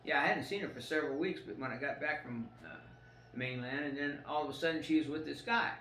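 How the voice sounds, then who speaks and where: A man's voice: fairly high pitch, fast talker, pushed and bright, a little hiss or hum. An older man rambling through a personal story at home, full of fillers and swearing. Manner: rambling, profane, with many fillers. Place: a room at home. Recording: roomy echo, faint ambience.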